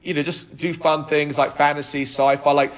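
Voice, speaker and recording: Animated man telling his story. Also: fairly high pitch, normal speed. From United Kingdom. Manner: animated, acts out quoted dialogue, frequent restarts. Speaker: podcast guest, app co-founder. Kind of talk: conversational podcast storytelling.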